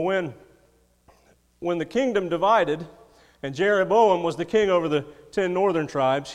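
Folksy preacher in a reverberant church. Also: male voice, fairly high pitch. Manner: folksy, chuckling asides between scripture readings. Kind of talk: sermon.

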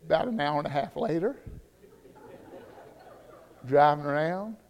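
A man with a Southern US accent preaching a sermon, shifting between loud, shouted declarations and quiet, conversational storytelling. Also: on the high side, animated, a little slow. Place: church sanctuary. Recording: long reverb of a church hall.

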